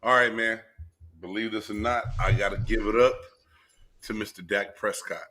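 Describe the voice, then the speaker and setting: A man co-hosting a casual sports talk show, excitable and prone to shouting when worked up. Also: on the low side, normal speed. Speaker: co-host.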